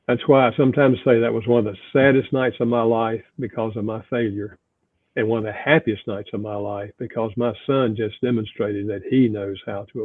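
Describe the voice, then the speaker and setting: An older man, an author and pastor, telling a personal story earnestly in an interview, his voice dropping soft at tender moments. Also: on the low side, no echo. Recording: tinny phone-like line, dry.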